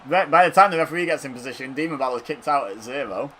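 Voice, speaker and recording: Excitable man calling wrestling game. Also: fairly high pitch, quick pace, slight background noise. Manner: excitable, jumps to loud exclamations then drops to dry asides. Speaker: game commentator. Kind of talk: casual play-by-play commentary of a wrestling video game.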